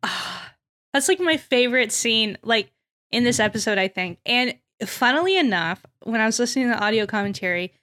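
Bright, animated woman podcast host. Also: on the high side, fairly quick. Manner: animated, laughs often, acts out quotes. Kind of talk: casual chat.

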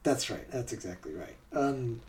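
A man's voice: medium pitch, expressive, moderate pace, darkish tone, recorded from a distance. A man hosting a podcast in casual chat, laughing often and talking with many fillers and restarts. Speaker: podcast host.

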